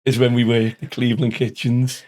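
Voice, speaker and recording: A man's voice: medium pitch, flat delivery, normal speed, darkish tone. A man, hosting a podcast in casual chat and telling a rowdy workplace story full of swearing and acted-out quotes. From Liverpool, England. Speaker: podcast host.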